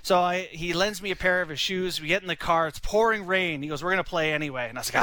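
Young guy rambling thru a story, lots of you know and like, highish voice. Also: fast talker, hardly any pauses, bright, forceful tone, poor audio. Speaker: son-in-law telling a story. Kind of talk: casual storytelling.

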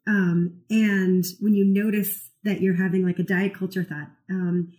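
A woman co-hosts a relaxed conversation, explaining an idea in an animated way. She counsels clients and leans on fillers like "like" and "you know." Her voice sits at an ordinary middle pitch. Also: measured pace, rough recording. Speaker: therapist and podcast co-host. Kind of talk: casual conversational chat.

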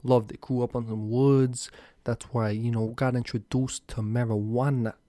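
A young man from New Jersey hosting a cannabis news show, talking loosely and excitably with a lot of profanity. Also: medium pitch, normal speed, dry recording. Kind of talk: casual news commentary.

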